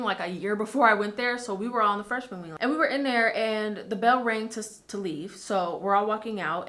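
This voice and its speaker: Chatty young woman with a bright voice. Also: medium pitch. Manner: candid, chatty, swears freely, lots of fillers. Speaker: YouTuber. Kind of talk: casual storytime vlog.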